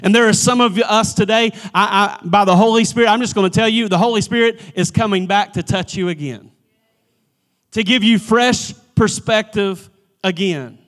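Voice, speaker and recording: A man preaching a church sermon with a notably high voice. He is emphatic and energetic and calls out to his congregation. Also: normal speed. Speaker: pastor.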